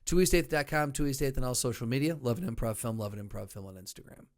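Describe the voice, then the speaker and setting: A man's voice: medium pitch, quick pace. A man in his thirties co-hosting a podcast, laid-back and agreeable in casual chat. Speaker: podcast co-host.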